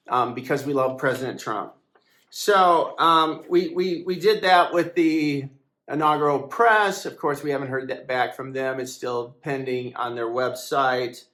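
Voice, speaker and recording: A man talks in a rambling, aggrieved monologue, stopping often for fillers and restarting his sentences. His voice sits at an ordinary middle pitch. The room around him is echoey. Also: fairly bright tone. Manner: hesitant, full of fillers and restarts; aggrieved, complaining. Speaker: website founder and editor. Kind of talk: casual monologue to camera.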